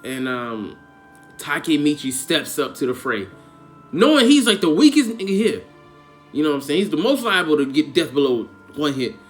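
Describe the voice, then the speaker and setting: A man's voice: fairly high pitch, sing-song, moderate pace. A man giving a casual, emotional anime episode review, rambling in heavy slang with lots of fillers. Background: faint background music.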